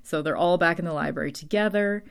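A woman's voice: fairly low pitch, fast talker, creaky, clean tone. A woman casually recapping a TV episode, rambling and filling her talk with "like" and "um," her voice tiring from long talking. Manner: rambling, heavy use of "like" and "um".

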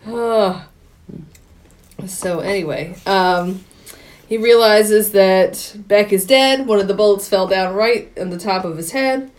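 A woman's voice: medium pitch, slow. A woman co-hosting a podcast, retelling a movie plot in casual chat, acting out the characters' lines and laughing often. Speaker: podcast co-host.

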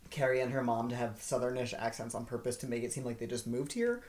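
Very deep-voiced joking woman. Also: fairly even intonation, fast talker, darkish tone. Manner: wry, joking, laughs often. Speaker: podcast co-host. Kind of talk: casual chat.

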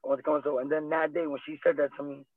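Young male guest, earnest and rambling, pitched slightly high, dry tinny phone line. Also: level tone, racing, dry recording. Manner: earnest, rambling, repeats himself. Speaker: interview guest, fighter. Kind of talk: candid personal interview.

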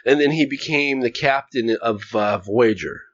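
A man's voice: mid-range voice, moderate pace, a bit bright. A man hosting a casual podcast, joking and rambling as he tells stories. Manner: jokey, rambling, puts on voices. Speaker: podcast host. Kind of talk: casual chat. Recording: dull, dry lo-fi sound.

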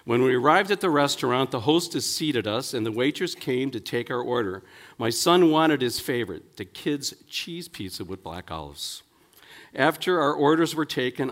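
A man preaching in a relaxed, chatty way, filling his pauses with "you know" as he moves from story to joke. His folksy sermon keeps steering toward punchlines, delivered at a middling pitch. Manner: chatty, leans on "you know" between thoughts; playful, builds toward punchlines. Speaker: pastor. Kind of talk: folksy sermon with jokes and stories.

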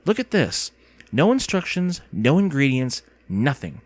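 A man's voice: mid-range voice, very animated, a little slow, dry recording. A man reading aloud and voicing a dry, unimpressed young boy in a storybook.

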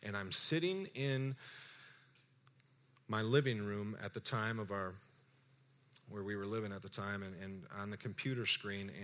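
A man with a fairly low voice and a bright, forceful edge tells his story in a sermon-style personal testimony. He speaks earnestly and emphatically, with lively storytelling. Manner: animated storytelling, acts out dialogue, laughs often.

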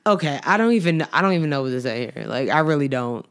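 A woman co-hosting a podcast in casual chat, animated and emphatic, laughing often. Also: deep voice, fast talker. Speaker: podcast co-host.

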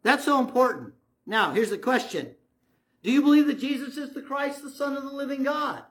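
Conversational preacher, lively sermon. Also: high-pitched, moderate pace. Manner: conversational, asks the audience questions, retells stories with voices.

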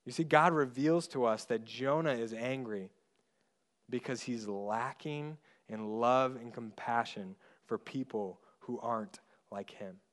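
A male pastor preaching a sermon in an earnest way, growing loud on key points and going soft and slow on tender ones. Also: mid-range voice.

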